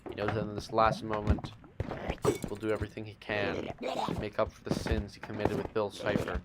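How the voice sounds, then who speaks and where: A man's voice: fairly low pitch, monotone, moderate pace. A man narrating gameplay in a playful, mock-dramatic way, with teasing asides to the audience. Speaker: narrator of a game series. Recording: noisy home mic with clicks.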